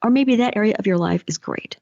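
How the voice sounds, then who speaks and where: A woman life coach talks through a motivational solo podcast in a casual storytelling way. Her voice has a gravelly fry to it, recorded close and dry. The sound is muffled and lo-fi. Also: mid-range voice, quick pace, mellow, no echo. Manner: conversational, storytelling.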